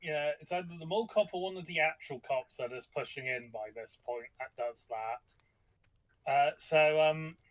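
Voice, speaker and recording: A man's voice: a little high, a little slow. A man hosting a casual book chat, rambling with many fillers and restarts. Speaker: podcast host discussing a book.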